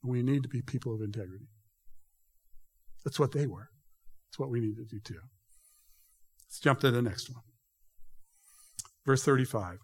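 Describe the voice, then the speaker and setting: A man's voice: medium pitch, moderate pace, long pauses, a little mellow, husky. A man preaching a sermon in an emphatic, conversational way, addressing the congregation directly. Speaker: pastor. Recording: reverberant hall.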